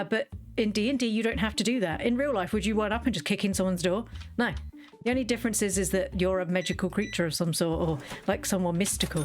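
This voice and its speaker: A woman rambles through a story while she streams a game, cutting herself off with playful asides. Her voice sits in an ordinary middle pitch. Soft game music plays underneath. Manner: rambling, chatty, self-interrupting, playful asides. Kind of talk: casual gameplay chat.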